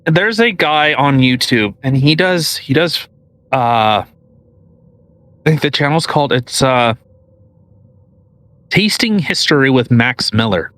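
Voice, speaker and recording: A man's voice: medium pitch, animated, takes it slowly, pauses often, fairly bright tone, no room sound. A man co-hosting a casual podcast who rambles and hesitates, restarting his sentences as he talks. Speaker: podcast co-host.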